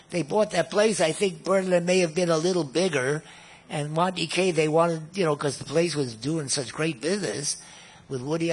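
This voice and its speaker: A husky old man in his nineties who spins long anecdotes, stumbling over and repeating words as he goes. His voice sits a touch high and sounds a little worn and breathy. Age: 90s. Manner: rambling, repeats words, chuckles at his own tales. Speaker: guest musician. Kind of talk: storytelling reminiscence.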